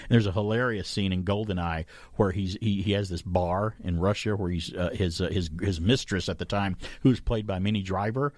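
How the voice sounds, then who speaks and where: A man's voice: deep voice, normal speed, darkish tone, no echo. A man hosting a talk radio show, chatting at length and correcting himself as he rambles along. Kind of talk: casual chat radio talk. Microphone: studio microphone.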